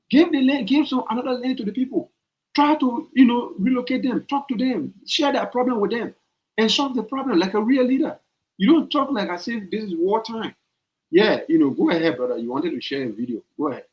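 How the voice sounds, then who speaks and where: A man's voice: very high voice, expressive, brisk, poor audio. A man with a Liberian accent hosting a podcast, giving opinionated political commentary with emphatic repetition and rhetorical questions. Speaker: podcast host.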